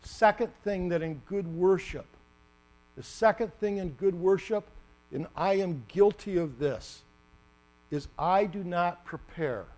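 A man preaching a sermon, animated and acting out the story with sudden loud bursts. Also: sits high, measured pace.

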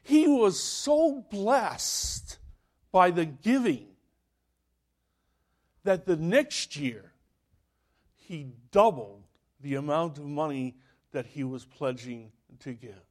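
A male preacher delivering a sermon in a high, lively voice that swings widely in pitch. He tells the story slowly and deliberately, acting out the people in it as he goes. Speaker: pastor.

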